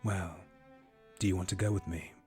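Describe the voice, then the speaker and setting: A man reading out the lines of a shy teenage boy wizard in a flat, plain voice. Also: low voice, normal speed, faint music behind, close to an everyday voice.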